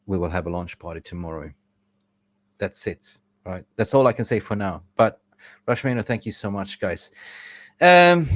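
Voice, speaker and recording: A man's voice: on the low side, no room sound. A man hosting a live stream, talking in a casual, effusive and rambling way. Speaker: livestream host.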